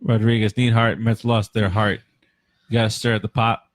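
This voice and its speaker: A man's voice: fairly low pitch, little pitch movement, normal speed, no echo. A man hosting a casual sports podcast, laughing often and steering the talk. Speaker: podcast host.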